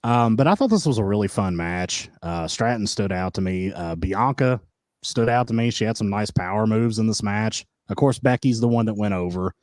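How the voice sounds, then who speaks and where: Low, lively-voiced man chatting. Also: normal speed, no room sound. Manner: laughs often, animated storytelling. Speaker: podcast co-host. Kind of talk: casual wrestling review chat.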